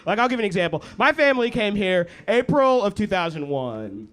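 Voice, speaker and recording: A man's voice: sits high, very animated, fairly quick, clear, resonant tone. A man born in India doing a self-mocking stand-up set on a club stage, chatting with the crowd. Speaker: stand-up comedian. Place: comedy club stage with a laughing audience. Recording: loud crowd laughter behind.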